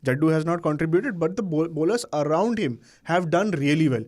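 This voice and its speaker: Animated Indian man in a cricket debate. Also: fairly high pitch, fairly quick. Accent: Indian English. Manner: animated, interrupting, argumentative. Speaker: cricket panelist. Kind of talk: casual debate.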